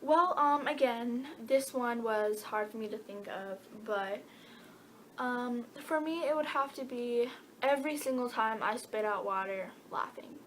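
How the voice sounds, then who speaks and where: A woman's voice: fairly high pitch, a little slow, slight background noise. A teenage girl answering Q&A questions in a casual, rambling way with many fillers and giggles. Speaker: vlogger. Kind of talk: casual Q&A chat.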